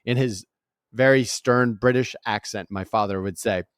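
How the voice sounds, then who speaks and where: A man in his forties, a guest author and speaker, answers interview questions with a lowish voice at a moderate pace. He tells stories energetically and animatedly, often tagging lines with "right?". The tone is clean, with no room sound and clean studio sound.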